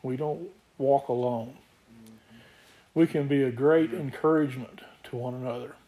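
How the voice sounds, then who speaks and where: A man's voice: mid-range voice, fairly even intonation, normal speed, dark tone, low-quality recording. A man preaching a sermon, reading scripture aloud and then explaining it in an earnest, plain way.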